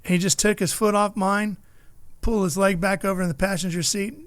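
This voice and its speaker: This Californian motorsports broadcaster, middle-aged, is an animated storyteller who acts out the people he quotes during a casual chat. His smooth, high-pitched voice moves a little fast and has no echo.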